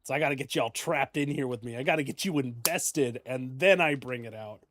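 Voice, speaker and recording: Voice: medium pitch, brisk, dry recording. Laid-back chatty streamer with a lilt. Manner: relaxed, chatty, self-mocking, laughs often. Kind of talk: casual gaming stream chat.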